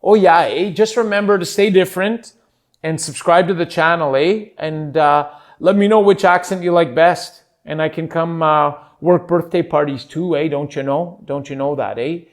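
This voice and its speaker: A man's voice: fairly high pitch, normal speed, lightly acted. A man hamming up a chummy Canadian accent. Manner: tacks on "eh" constantly, chummy. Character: jolly, folksy small-town Canadian man.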